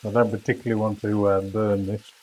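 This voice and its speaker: A man's voice: lowish voice, little pitch movement, fast, dark tone, slight background noise. A man hosting his cooking channel from a home kitchen, chatty, rambling and self-deprecating. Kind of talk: casual cooking vlog chat.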